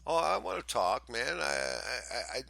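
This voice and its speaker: A man's voice: medium pitch, very animated, unhurried, vocal fry, sharp tone, dry recording. A man co-hosting a podcast in casual banter, hesitant and self-deprecating, full of fillers. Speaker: podcast co-host.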